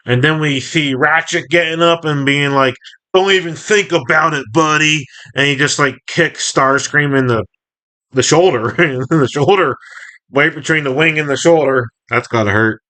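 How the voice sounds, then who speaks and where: A man's voice: mid-range voice, moderate pace, pushed and bright. A man reading and reviewing a comic book in a chatty, rambling way, often correcting himself. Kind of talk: casual comic reading and commentary.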